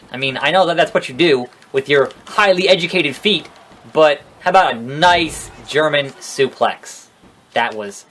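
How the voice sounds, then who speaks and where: A man's voice: mid-range voice, fairly bright tone, a little hiss or hum. A young man casually commentating his wrestling video game playthrough, rambling, sarcastic and swearing at the characters. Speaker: gaming video host. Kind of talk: casual let's-play commentary.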